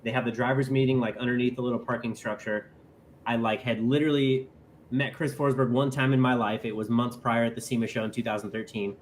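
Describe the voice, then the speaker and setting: A man's voice: mid-range voice, quick pace, a little hiss or hum. A man in his thirties, a guest telling a casual story, acting out the voices he quotes and saying "like" a lot. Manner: animated, acts out quoted voices, many "like" fillers.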